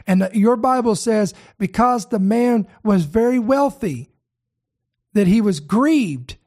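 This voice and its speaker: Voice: mid-range voice, lively intonation, slow pace, a little mellow. Preacher, sermon, earnest, repeats key words, speaks straight to the listeners.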